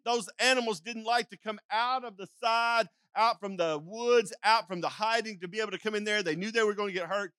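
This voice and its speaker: An older pastor preaches a folksy, rambling sermon of stories, acting out calls and sheep sounds while often restarting and going off on asides. His voice is high-pitched, pushed, and bright, with no echo.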